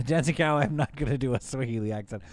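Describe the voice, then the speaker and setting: A man's voice: mid-range voice, fast. A man with a somewhat Canadian accent, chatting playfully through a live gameplay stream and answering his chat as he goes. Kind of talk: casual live gameplay commentary.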